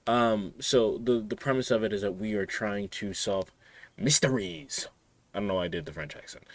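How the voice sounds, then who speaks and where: Streamer, male, low-pitched, chatty and rambling with ums while playing. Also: dry recording. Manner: rambling, with fillers and restarts. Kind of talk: casual live-stream chat.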